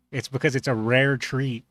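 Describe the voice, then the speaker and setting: A man hosting a reaction video, musing aloud in a relaxed way and laughing easily. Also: mid-range voice, no echo. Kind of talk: casual reaction commentary.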